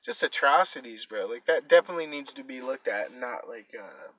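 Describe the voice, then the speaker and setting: A man's voice: medium pitch, fairly quick, dry recording, poor audio. A young man hosting a podcast, telling a story in casual, profane chat and acting out the people in it. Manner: animated storytelling with swearing and acted-out quotes. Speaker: podcast host.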